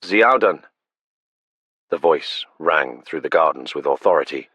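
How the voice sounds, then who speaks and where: A man with a very deep, husky voice narrates an audiobook in a steady, measured way. The close studio recording is completely dry. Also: no echo. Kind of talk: scripted narration. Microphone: close studio mic.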